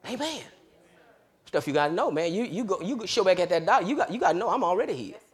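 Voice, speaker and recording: A man preaching a sermon, swinging between loud hollering and low murmurs and laughing often. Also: lively intonation, fast, husky.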